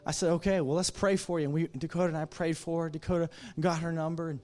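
Texan man preaching a lively sermon. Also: a little high, fast. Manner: animated storytelling with quoted dialogue; earnest altar call. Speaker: pastor. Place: church sanctuary.

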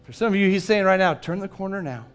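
A male pastor giving a sermon, telling a story in a lively way and often repeating his first words. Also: high voice, quick pace. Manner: storytelling, animated, repeats words when starting.

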